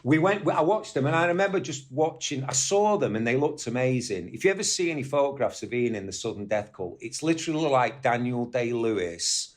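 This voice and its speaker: A man from northwest England telling rambling, animated stories as a guest on an interview podcast, swearing now and then. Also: medium pitch, fairly quick, hardly any pauses. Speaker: guest musician. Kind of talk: casual storytelling interview.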